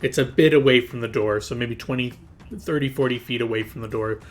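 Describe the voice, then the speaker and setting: Male game master, mid pitch, rambly and descriptive, lots of filler. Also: a little fast. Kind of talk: narrating a tabletop game.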